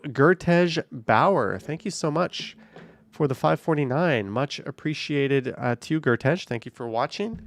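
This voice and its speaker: A young man in a car chats casually with live-stream viewers, his voice gravelly with a bit of fry. The sound is close and dry. He reads out messages and answers in a relaxed, easygoing way. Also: medium pitch, no room sound. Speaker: live streamer reading chat. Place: car, driving around the city.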